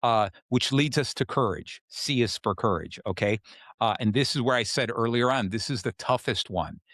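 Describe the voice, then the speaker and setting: A man's voice: mid-range voice, lively intonation, moderate pace, fairly bright tone, no echo, studio quality. A man hosting a self-help podcast, explaining ideas in a casual way and often checking in with "okay?". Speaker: podcast host.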